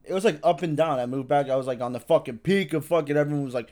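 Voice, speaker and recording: A man's voice: on the high side, fast talker, a little mellow. Profane, rambling young podcast guy. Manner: loose, profane storytelling with many fillers. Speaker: podcast co-host. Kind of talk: casual chat.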